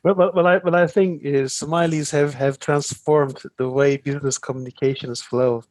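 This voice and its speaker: Higher-voiced man co-hosting a webinar. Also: steady tone, normal speed, a little mellow, no room sound. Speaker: webinar co-host and CEO. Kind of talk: casual webinar talk.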